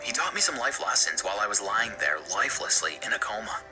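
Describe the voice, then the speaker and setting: A man reading a scripted first-person story in an earnest, steady way for an animated video. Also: lowish voice, quick pace, low-quality recording. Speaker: narrator. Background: background music.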